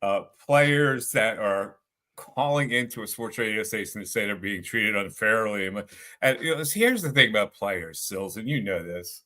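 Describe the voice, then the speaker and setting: A man's voice: fairly low pitch, lively intonation, moderate pace, sharp tone. A man who is a veteran sports radio guest, giving blunt, rambling, exasperated opinions.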